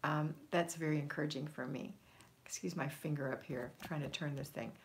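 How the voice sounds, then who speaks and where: A woman's voice: deep voice, fairly even intonation, a little fast, slight background noise. A middle-aged woman hosting a homemaking livestream, reading viewer comments aloud and answering them with encouragement.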